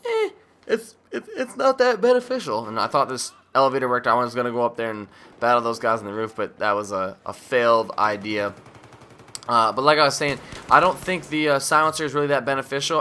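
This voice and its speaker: Bright-voiced man rambling over gameplay. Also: medium pitch. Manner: rambling, jokey, self-mocking; drowsy, yawning at times. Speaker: gaming video commentator. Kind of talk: casual gameplay commentary.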